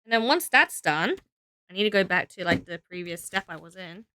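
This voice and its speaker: Tired, bright-voiced Australian woman. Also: mid-range voice, wildly swooping pitch, moderate pace, clear, resonant tone, no echo. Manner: tired, rambling, thinking aloud with frequent fillers. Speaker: streamer. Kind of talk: casual live-stream chat while building.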